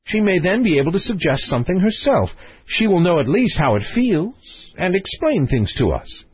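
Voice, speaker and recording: A man's voice: high-pitched, big pitch swings, moderate pace, breathy edge, no echo, voice pushed up, full character voice. A man voicing a flustered, rueful queen in a storybook reading, in a plaintive, lilting way. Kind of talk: audiobook character voice. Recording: dry, slightly dull recording.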